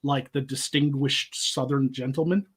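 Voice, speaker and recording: A man's voice: medium pitch, steady tone, normal speed, breathy edge. A man hosting a casual, crude comedy chat who laughs a lot and keeps slipping into put-on Southern drawls. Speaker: podcast host.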